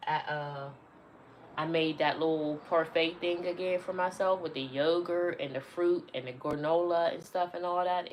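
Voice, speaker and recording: A woman's voice: sits low, a little hiss or hum. A woman hosting a casual livestream from home, laid-back and chatty with her viewers. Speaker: livestream host. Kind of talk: casual live chat. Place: indoors at home by a window.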